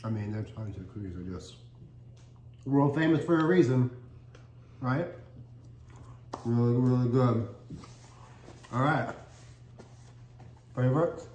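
A man's voice: mid-range voice, unhurried, long pauses, a little mellow. A man hosting a casual cookie-tasting vlog, upbeat and chatty as he talks while chewing. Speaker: cookie reviewer, channel host. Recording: echoey room, faint background noise.

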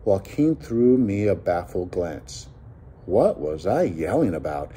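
A man reading a novel aloud with expressive storytelling. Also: low-pitched, takes it slowly, husky. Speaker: audiobook reader.

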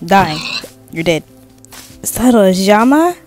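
A woman's voice: a little high, expressive, measured pace, faint music behind. A woman giving casual, jokey commentary while playing a game, chatting to herself and swearing now and then. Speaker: gaming vlogger.

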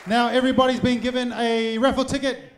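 Speaking through a handheld mic at a supporters' night in a crowded hotel function room, the male event host has a very high-pitched voice, a level tone and a quick pace. He works the audience with jokes, rousing lines and teasing asides while a faint crowd murmurs behind him.

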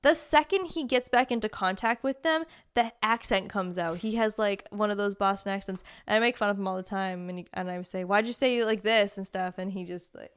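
A woman's voice: medium pitch, fairly even intonation, brisk, few pauses, a bit bright, smooth. A woman from Massachusetts co-hosting a podcast, chatting casually and wryly about odd library books. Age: adult, married. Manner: chatty, wry, reads book blurbs aloud. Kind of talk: casual chat.

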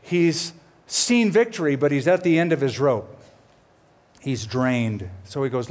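A middle-aged man preaching a sermon, telling a story with lively, animated delivery and acting out quoted characters. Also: unhurried. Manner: animated storytelling, voices quoted characters with big pitch swings. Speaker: pastor.

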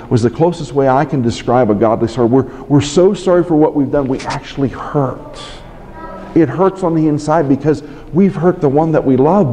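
A man delivers a sermon in a mellow, soft-edged voice. He tells his story earnestly, often stumbling into repeated "and, and" restarts. The recording carries a long, echoing reverb from a conference room. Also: medium pitch, gravelly. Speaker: preacher.

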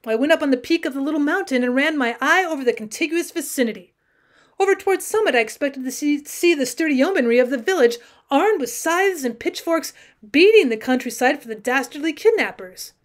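A woman teacher narrating a classic short story as an audiobook, measured and expressive. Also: high-pitched. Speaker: teacher reading aloud.

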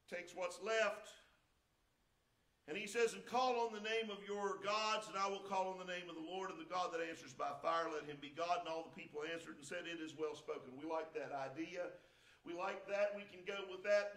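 Male pastor, very high pitch, preaching in a roomy sanctuary, rises to shouts. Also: fairly even intonation, moderate pace. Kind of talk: sermon. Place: church sanctuary. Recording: echoey church sanctuary.

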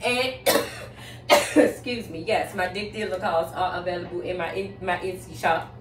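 A woman's voice: on the low side, fairly even intonation, moderate pace, far from the mic, very noisy. A woman giving a casual tarot reading at home, dramatic and rambling, shaken and catching her breath between exclamations. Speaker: tarot reader. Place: home room. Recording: roomy, off-mic with faint music.

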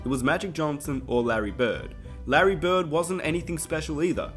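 A man's voice: on the high side, a little fast, a bit bright, faint music behind. A man, the channel host, reading scripted commentary in an earnest tone. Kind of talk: scripted narration.

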